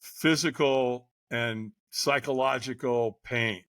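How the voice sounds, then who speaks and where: An older man tells his story in a candid, conversational way as a podcast guest. His voice sits at a middle pitch and sounds dry and close to the mic. He grows animated when he acts out other people. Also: slow, dry recording.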